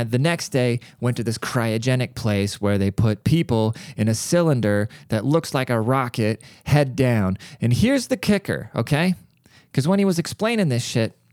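A man's voice: medium pitch, clear, resonant tone, no echo, studio quality. Rambling, profane man telling a story. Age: middle-aged. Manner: rambling, profane, animated asides. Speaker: podcast host. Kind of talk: casual storytelling monologue.

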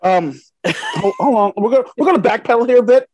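A man telling a crude personal story in casual podcast chat, profane and animated, acting out the dialogue. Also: extremely high pitch, a little fast.

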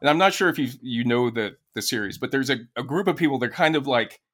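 A man's voice: mid-range voice, lively intonation, quick pace, a bit bright. An American man co-hosting a podcast in casual chat, chuckling often as he explains things. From United States. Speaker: podcast co-host.

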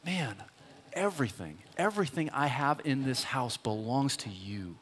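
A man's voice: medium pitch, expressive, measured pace, slight background noise. A preacher playing a loving old father. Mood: tender. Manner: eager and urgent, then tender and hushed. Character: loving, overjoyed older father. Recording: long hall reverb.

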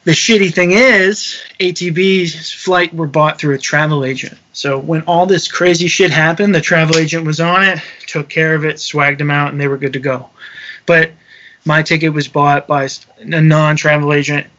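A young man casually telling a travel story, animated and swearing freely while acting out the quotes. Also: a little high, normal speed, muffled recording. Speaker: touring musician telling a story.

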